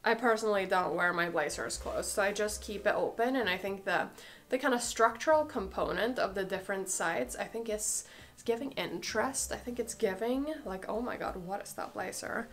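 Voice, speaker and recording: A woman's voice: mid-range voice, moderate pace, fairly bright tone. A young woman with a cold, chatting casually and gushing through a clothing try-on, full of "like" and "oh my god". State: has a cold, a bit out of breath. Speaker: fashion vlogger.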